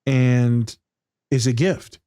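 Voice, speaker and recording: Man, podcast host, casual, blunt, swears, warm dark voice, dry sound. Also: mid-range voice, fairly even intonation, very slow, no room sound.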